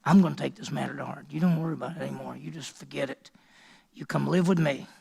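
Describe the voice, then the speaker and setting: A male pastor voicing a vengeful older brother who quietly vows to get back at someone. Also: a little high, fast talker, creaky, slightly rough, voice pushed down, exaggerated voice. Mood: menacing.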